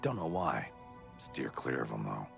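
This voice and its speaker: A man's voice: extremely low pitch, big pitch swings, measured pace, vocal fry, faint music behind, heavily acted. A man voicing a grateful male villager in a fantasy video game, friendly as he passes on gossip and warnings.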